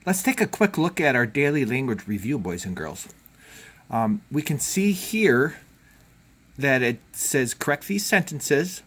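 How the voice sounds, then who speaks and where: A man leads a home learning video lesson, guiding children through the tasks in an easygoing, supportive way while thinking aloud. His medium-pitched voice is husky and sing-song, and he speaks a little slowly.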